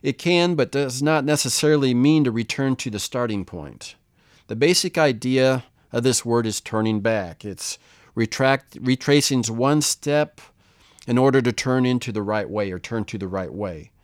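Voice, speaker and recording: A man teaching the Bible in a relaxed, conversational way, often checking in with "right?". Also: medium pitch, moderate pace, no echo, clean studio sound.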